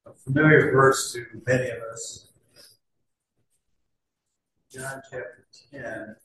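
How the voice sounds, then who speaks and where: A middle-aged man preaches to a congregation in an earnest, chatty way, full of little fillers, and he slows right down to lean on scripture words. His voice sits at an ordinary pitch and his pace is unhurried. He is picked up from across a big, very echoey hall. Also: fairly even intonation, sharp tone. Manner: earnest, conversational with frequent fillers. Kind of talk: sermon. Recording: echoey hall, distant mic.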